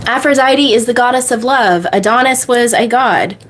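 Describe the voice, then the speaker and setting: A woman coach answering viewer questions on a livestream in a bubbly, fast way. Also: on the high side, a bit bright, slight background noise. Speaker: manifestation coach.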